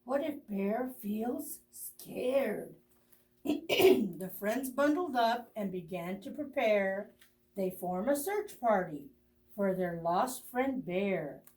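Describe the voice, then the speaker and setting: A woman librarian reading a picture book aloud to children, with expressive pauses, gasps and friendly asides to her young listeners. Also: mid-range voice, recorded from a distance. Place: library storytime video.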